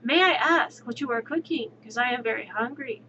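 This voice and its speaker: A woman's voice: a little high, brisk, sharp tone, dull audio, slight background noise. A woman voicing a hungry, pushy male coyote in a folk tale, eager and pleading.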